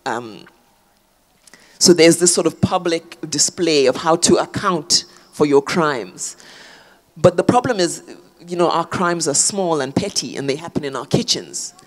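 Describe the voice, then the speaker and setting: A woman's voice: deep voice, lively intonation, a little slow. A woman, an author, speaking thoughtfully in a public on-stage conversation, with many fillers and restarts. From South Africa. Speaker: author guest.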